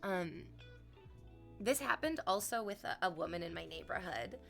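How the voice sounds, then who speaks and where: A woman's voice: fairly low pitch, expressive, moderate pace, vocal fry, a bit bright, faint music behind. A young woman streaming, chatting casually with her viewers and telling a story with playful quoted voices. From Canada.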